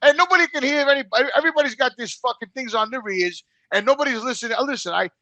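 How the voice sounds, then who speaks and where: A man on a headset, a show regular in a casual panel chat, excitable and agitated, swearing a lot. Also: very high-pitched, racing, no echo, highs cut off.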